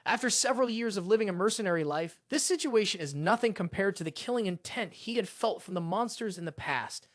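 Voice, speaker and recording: A storyteller recapping a fantasy comic in steady scripted narration. The pitch moves freely up and down while the pace stays even. The sound is close and dry, with no room around it. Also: brisk, few pauses, no echo.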